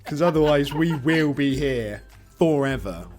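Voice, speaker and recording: A man reads a dating game aloud with his friends, lingering over his words and breaking into laughter. His voice swoops between high and low. Faint music plays behind him. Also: expressive, measured pace, a little mellow. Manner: laughing, rambling, swears casually. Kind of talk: casual let's-play banter.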